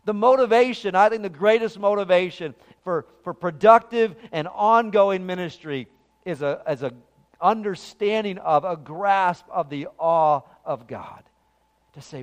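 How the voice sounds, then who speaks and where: A male pastor preaching a sermon with passion, swelling to loud peaks and then falling quiet. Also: high voice, measured pace, big-room sound.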